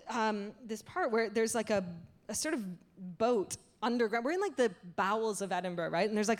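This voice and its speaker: A woman doing stand-up, telling a story in an animated, self-deprecating way with frequent restarts. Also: on the high side. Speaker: stand-up comedian. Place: stage.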